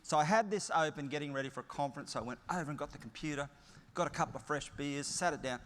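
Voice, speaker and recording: A man's voice: fairly high pitch, fast talker, a bit bright. A middle-aged man with an Australian accent giving a conference keynote, telling chatty, plain-spoken stories with humour. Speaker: keynote speaker. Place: large conference hall. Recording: long hall reverb.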